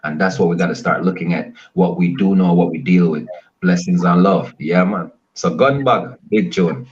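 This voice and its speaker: A man's voice: sits low, moderate pace, muffled recording. A Jamaican man who is a guest musician on a casual radio interview, talking in an emphatic, repetitive, preaching cadence. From Spanish Town, Jamaica.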